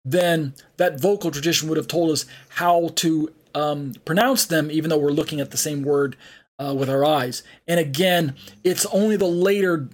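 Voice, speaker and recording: A man teaching an online Bible study, explaining slowly and spelling words out letter by letter, with frequent fillers. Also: fairly high pitch, fairly even intonation.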